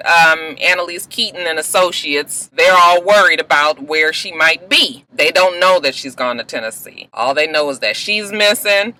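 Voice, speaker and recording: A man casually recapping TV episodes in a slangy, animated vlog, acting out the characters' lines as he goes. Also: a little high, rough recording. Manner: animated, slangy storytelling with acted quotes. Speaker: video blogger reviewing TV episodes.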